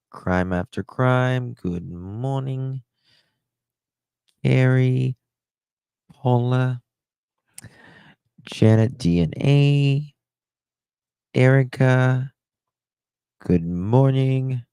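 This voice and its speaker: A man's voice: mid-range voice, fairly even intonation, very slow, gravelly, long pauses, mellow, clean tone, no room sound. A man hosting a casual livestream, greeting chatters one by one and talking candidly, with some swearing. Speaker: livestream host. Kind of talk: casual live-stream chat.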